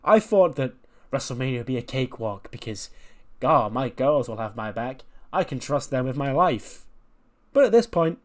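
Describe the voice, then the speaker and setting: A man voicing a bossy, proud woman wrestler who scolds her followers loudly. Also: medium pitch, moderate pace, voice pushed up, close to an everyday voice. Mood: haughty scolding. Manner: haughty, scolding, loud.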